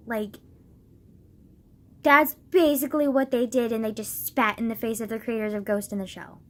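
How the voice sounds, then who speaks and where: A young woman vlogging in a loose, rambling way, filling every gap with "like" and the odd swear word. Her voice sits a little high, and she drifts from sleepy mumbling to heated ranting. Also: fairly even intonation, moderate pace. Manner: rambling, heavy use of "like", swearing, gets worked up. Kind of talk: casual rambling monologue.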